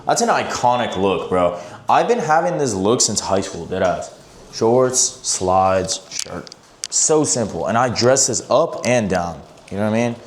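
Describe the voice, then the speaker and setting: A man's voice: fairly low pitch, animated, measured pace, a little hiss or hum. A young man vlogging in casual, rambling talk, joking around and swearing a lot as he drives and shops. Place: in a car, then in a shop and at home.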